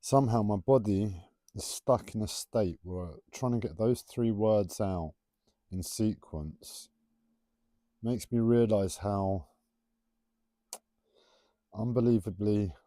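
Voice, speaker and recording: Man, livestream host, rambling tangents, stumbling over T's, low mellow voice, dry close sound. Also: slow pace, pauses often, no echo. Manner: wanders off on tangents, self-described waffling. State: struggling to pronounce his T's. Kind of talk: rambling solo livestream talk.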